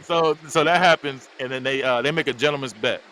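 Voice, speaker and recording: A man casually recapping a movie for his podcast, telling it as an animated story. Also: medium pitch, fairly quick, a little hiss or hum, poor audio. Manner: animated storytelling, frequently laughing. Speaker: podcast host.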